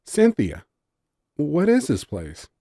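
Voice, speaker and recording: A man's voice: fairly high pitch, wildly swooping pitch, slow pace, mellow, dry recording, studio quality, voice pushed up, heavily acted. A man voicing a grumpy, sarcastic young human woman in an audiobook story, blunt and exasperated.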